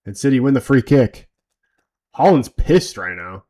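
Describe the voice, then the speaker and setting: Male fan streamer, tired, casual chat plus play-by-play calls, slangy and relaxed. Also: medium pitch, unhurried. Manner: loose, chatty, slangy. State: tired from little sleep. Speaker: fan watch-along streamer.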